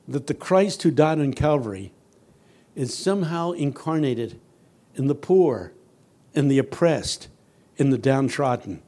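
A man preaching a sermon and telling a story, swinging from loud, emphatic lines to soft, hushed ones. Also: medium pitch.

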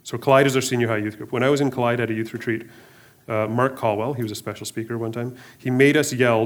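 A middle-aged male pastor talks fast in a mid-range voice, giving a casual, conversational sermon. He often repeats words and restarts, slipping in joking asides.

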